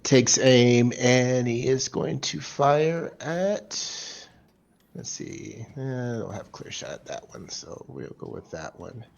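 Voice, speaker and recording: A man playing a tabletop game, calling out his character's actions deliberately, step by step. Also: mid-range voice, expressive, creaky, lo-fi sound. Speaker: player.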